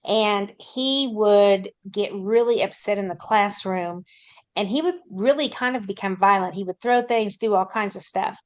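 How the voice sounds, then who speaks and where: A woman's voice: medium pitch, measured pace. A woman who works as a school counselor, telling a matter-of-fact anecdote in a panel talk.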